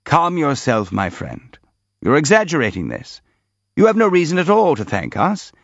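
A man voicing a kindly little old man, speaking softly and calmly. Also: on the high side, normal speed, vocal fry, no echo, pitched above the performer's own voice, full character voice. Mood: soothing. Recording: slightly dull dry recording.

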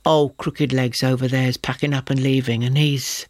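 A man voicing a tall, cheerful woman who trades at a market, talking loudly and bluntly. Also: mid-range voice, flat delivery, moderate pace, dry recording, close to an everyday voice.

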